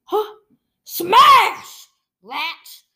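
A woman's voice: very high-pitched, sing-song, drawn-out words, sharp tone. A woman reading a graphic novel aloud, saying the sound effects and the dialogue in the same reading voice. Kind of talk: read-aloud storytelling.

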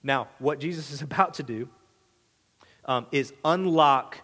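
A man's voice: mid-range voice, unhurried, a bit bright, in a large hall. A man preaching a sermon as pastor, talking in an emphatic, conversational way and often repeating words as he goes.

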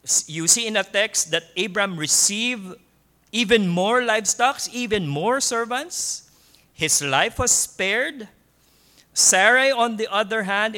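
Slow, emphatic Filipino pastor preaching. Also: male voice, high-pitched. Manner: slow, emphatic preaching with repetition and soft laughs. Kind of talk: sermon.

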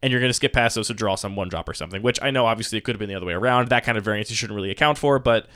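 A man co-hosting a casual podcast chat, quick and teasing, prodding his co-host along. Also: lowish voice, fairly bright tone, dry recording, studio quality.

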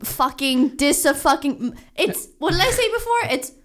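Bright, lively high-voiced woman. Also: moderate pace, a little hiss or hum. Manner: bubbly, scattered, swears freely. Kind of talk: casual chat.

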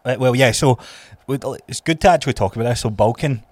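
A Scottish man in his thirties co-hosting a fitness podcast, blunt and animated, swearing freely. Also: mid-range voice, fast talker, no room sound. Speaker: podcast co-host and trainer. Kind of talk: casual podcast chat.

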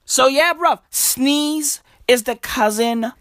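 A woman doing a profane, slang-filled comedic rant, repeating her catchphrases and slipping into soft mock-polite asides. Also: high-pitched, takes it slowly, dry recording, studio quality.

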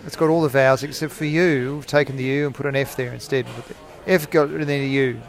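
A man, talking through a solo podcast from a cafe. His voice has a gravelly, creaky edge at a middling pitch. He rambles, jokes and pokes fun at himself as he goes. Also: steady tone, fast, soft background music. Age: 40s. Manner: rambling, jokey, self-mocking. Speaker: podcast host.

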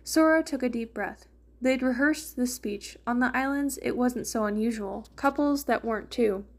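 A woman's voice: fairly high pitch, moderate pace. Woman reading fan fiction aloud. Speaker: fanfiction reader.

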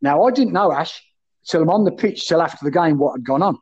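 A man's voice: fairly high pitch, lively intonation, brisk, darkish tone, muffled recording. A man telling rowdy, sweary football stories in casual chat, addressing the host by name again and again. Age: 30s then, now older. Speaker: guest, former footballer.

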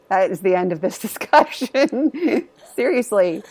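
A woman's voice: medium pitch, lively intonation, measured pace, darkish tone, slight background noise. Woman, 30s, mother, candid storyteller, swears a lot. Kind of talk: casual chat.

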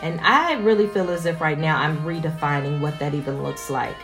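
A woman's voice: low voice, brisk, a bit bright, soft background music. A woman in her forties, a mother, speaking in an earnest, reflective personal monologue and stressing points through repetition.

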